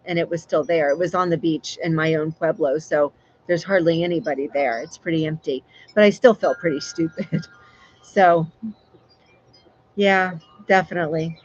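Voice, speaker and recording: Female livestream host, chatty and rambling, restarts her sentences, slightly lo-fi sound. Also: on the low side. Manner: chatty, rambling, warm with frequent fillers and restarts. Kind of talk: casual live chat with viewers.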